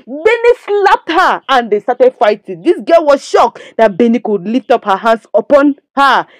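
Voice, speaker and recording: A woman's voice: sits high, very animated, unhurried, dry recording. Chatty Nigerian woman recapping a drama. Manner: chatty, preachy asides, addresses listeners as "my people". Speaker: movie reviewer. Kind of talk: casual recap and commentary.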